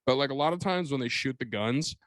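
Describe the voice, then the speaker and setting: A man's voice: medium pitch, lively intonation, brisk, no room sound. Laughing, swearing man on a podcast. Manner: swears freely, laughs often, acts out bits. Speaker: podcast co-host. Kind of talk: casual comedic movie chat.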